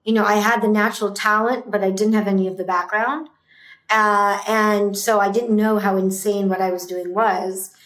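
A woman's voice: mid-range voice, little pitch movement, normal speed, fairly bright tone. A woman in her fifties, an entrepreneur guest, telling her story intensely and emphatically, repeating lines for force. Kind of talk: emotional personal storytelling. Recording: roomy echo with faint music.

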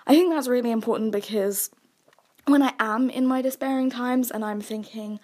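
A woman's voice: fairly high pitch, moderate pace, a little mellow. Chatty self-mocking young woman podcaster. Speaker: podcast host. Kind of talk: solo podcast chat.

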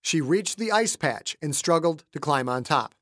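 A man narrating his own thriller audiobook in a dramatic scripted style, shifting between hushed lines and shouted dialogue, recorded on a close studio mic. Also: a little high, animated, moderate pace, over music. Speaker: author and narrator.

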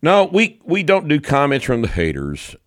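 A man's voice: a little high, huge pitch swings, normal speed, no echo, clean studio sound. A man hosting a casual podcast chat, blunt and opinionated, with some profanity. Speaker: show host.

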